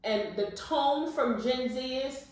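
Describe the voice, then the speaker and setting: A woman in her fifties co-hosting a podcast, talking loudly and bluntly with plenty of swearing in a casual political discussion. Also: high voice, takes it slowly. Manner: loud, blunt and profane. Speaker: podcast co-host. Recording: echoey room, distant mic.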